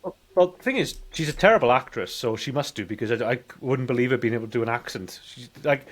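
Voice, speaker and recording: Man, podcast co-host, blunt, opinionated, casual film talk, middle pitch. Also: lively intonation, fast talker. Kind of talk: casual movie review chat.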